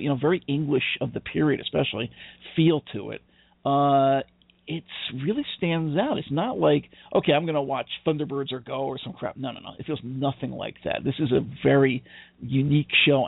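Man, podcast co-host, casual rambling chat, profane, gravelly, phone-like dry sound. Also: mid-range voice, dry recording. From United States. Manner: rambling, profane, laughs often.

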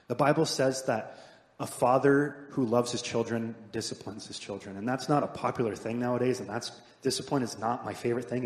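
An earnest male pastor delivering a sermon in an easy, conversational way. He lifts his voice to drive points home, then lets lines trail off quietly. His voice sits at a middling pitch and rings through a roomy sanctuary with a long reverb tail. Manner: earnest, builds up then drops to soft emphatic endings. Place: church sanctuary. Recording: echoey hall with long reverb.

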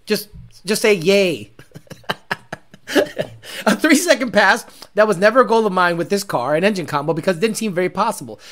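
A man hosting a casual livestream, profane and loud, congested and short of breath. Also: high-pitched, lively intonation, fairly quick, long pauses. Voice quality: profane, loud and brash, shouts sponsor names. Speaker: car-scene livestream host.

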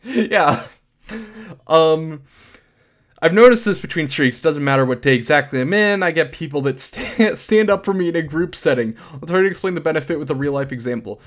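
A man's voice: a little high, expressive, normal speed. A man co-hosting a comedy podcast, reading forum posts aloud and joking, laughing often. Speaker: podcast co-host.

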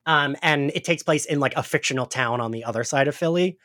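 A woman from New Jersey near Philadelphia with a South Jersey accent, co-hosting a podcast in casual chat, animated and laughing often. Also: rumbling low, fast, no echo, clean studio sound. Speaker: podcast co-host.

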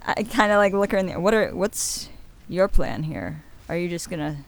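A woman's voice: fairly low pitch, normal speed. A woman player in a tabletop game, asking questions hesitantly. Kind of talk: tabletop role-play.

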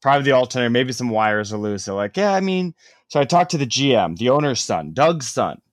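A man's voice: medium pitch, expressive, fast talker, dry recording, clean studio sound. A young man telling a long story in casual chat, rambling with lots of "like" and casual swearing.

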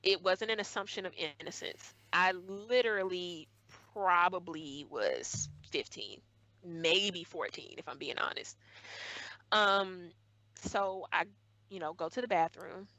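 A young woman, a guest in a conversation, earnestly and emotionally retells a hurtful school memory, often acting out what was said. Her voice is fairly low, unhurried, pushed and bright. The recording is rough, with no room sound.

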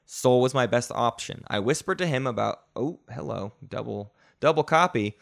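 A man's voice: medium pitch, animated, normal speed, creaky. A man hosting a podcast, recounting a board game session in dramatic storytelling style and chatting casually. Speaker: podcast host.

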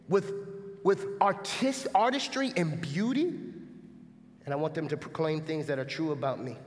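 High-voiced preaching pastor in a reverberant hall. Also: male voice. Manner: animated preaching, often asking "right?" to the congregation. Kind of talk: sermon. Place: church sanctuary. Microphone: stage mic.

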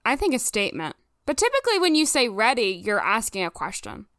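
A woman co-hosting a casual rewatch podcast, chatty and quick to laugh. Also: fairly high pitch, huge pitch swings, fairly bright tone, smooth, no room sound, clean studio sound. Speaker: podcast co-host.

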